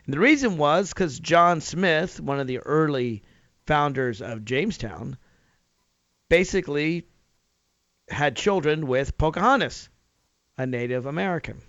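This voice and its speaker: A man's voice: a little high, lively intonation, unhurried, long pauses, a bit bright, dry recording, lo-fi sound. A man from Tennessee hosting a radio talk show, arguing his point with rhetorical questions and emphatic rises. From Nashville, Tennessee, US. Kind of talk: opinion talk radio monologue.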